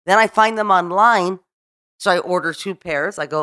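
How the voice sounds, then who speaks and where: Woman, middle-aged, podcast host, animated storyteller, swooping pitch, dry close sound. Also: normal speed, no room sound. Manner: animated storyteller, acts out other people's lines. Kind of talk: casual chat.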